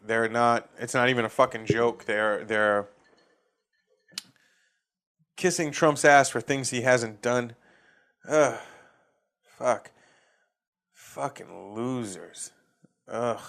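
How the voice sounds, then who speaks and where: A man from Massachusetts riffs through his own comedy podcast, swearing freely and cracking himself up as he goes. His voice is clean and resonant, sitting at an ordinary middle pitch. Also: a bit bright. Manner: profane, ranting, laughs at own jokes. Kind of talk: casual comedic rant. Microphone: facing a camera.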